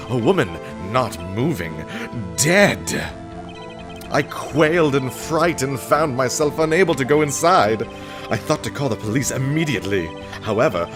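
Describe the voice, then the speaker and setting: A man voicing a squirmy, sneaky male newspaper salesman in a video game, using a fake British accent and a high, nervous, fawning voice. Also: close to an everyday voice.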